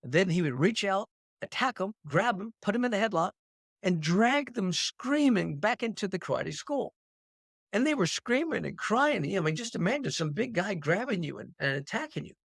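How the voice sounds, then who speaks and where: An older man hosting his own show, telling an anecdote to camera in an animated storytelling manner. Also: moderate pace, vocal fry, dry recording, studio quality. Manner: animated anecdote-telling, pitch leaps on punchlines. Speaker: host.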